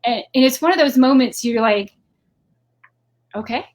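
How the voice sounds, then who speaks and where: A woman guest telling a lively personal story on a video call, acting out quoted voices. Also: fairly high pitch, normal speed. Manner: animated, acts out quoted voices. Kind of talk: storytelling in casual chat.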